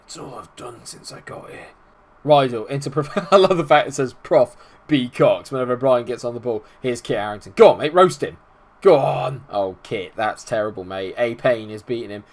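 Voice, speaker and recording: A young man casually commenting on his football management game, getting excitable and shouting at big moments. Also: mid-range voice. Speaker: gaming YouTuber.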